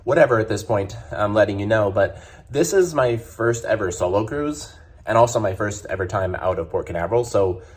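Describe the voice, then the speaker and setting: A man's voice: fairly low pitch, lively intonation, a little fast. A man, a travel vlogger, chatting casually to his viewers at a hotel, rambling with lots of fillers and restarts. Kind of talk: casual chat to camera.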